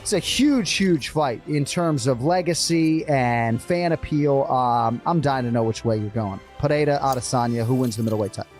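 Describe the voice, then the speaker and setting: A man hosting a sports show, setting up the fight and the odds in a measured, announcer-like way. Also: medium pitch, darkish tone, faint music behind. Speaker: show host.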